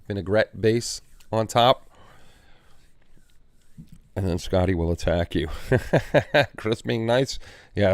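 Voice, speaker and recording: In his home hobby room, a man hosts a livestream, casually reading out viewer comments in an easygoing, meandering style full of repeated phrases. His lowish voice is clear and resonant, captured in clean, dry studio sound.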